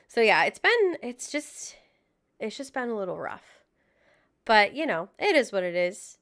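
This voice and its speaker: A woman's voice: on the high side, sing-song, moderate pace, fairly bright tone. A young woman chatting casually with her livestream viewers, out of breath, laughing often and joking at her own expense. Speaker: music streamer.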